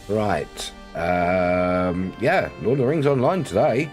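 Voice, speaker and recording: Brief: man from Britain, low voice, rambling and chatty, greets viewers, faint music behind. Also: sing-song, slow, few pauses, darkish tone. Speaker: game streamer. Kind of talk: casual live-stream chat.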